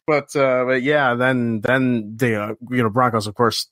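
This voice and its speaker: A man's voice: mid-range voice, little pitch movement, a little slow, a bit bright, no room sound, studio quality. A man co-hosting a casual sports podcast, telling rambling stories, swearing, and acting out the voices of people he met. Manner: rambling storyteller, acts out quoted voices, swears. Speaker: podcast co-host.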